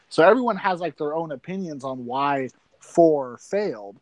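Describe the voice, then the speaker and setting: A man's voice: on the high side, big pitch swings, moderate pace, darkish tone, no room sound. A young man chatting casually about films as a podcast guest, easygoing and hesitant in his phrasing. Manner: easygoing, hesitant, many fillers and restarts. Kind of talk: casual film discussion.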